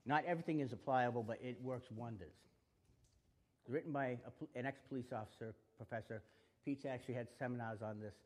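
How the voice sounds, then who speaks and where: A man giving a spoken lesson on staying safe, animated and acting out the exchanges he describes. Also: mid-range voice, quick pace. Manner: animated, acts out quoted exchanges. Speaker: self-defense instructor. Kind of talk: spoken teaching talk. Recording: long reverb of a hall.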